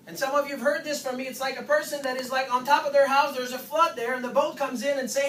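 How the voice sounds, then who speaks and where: A chiropractor giving an informal nutrition workshop to patients, lively and full of "guess what?" asides. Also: high voice, quick pace, few pauses. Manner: animated, keeps asking "guess what?". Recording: roomy, distant, faint hiss.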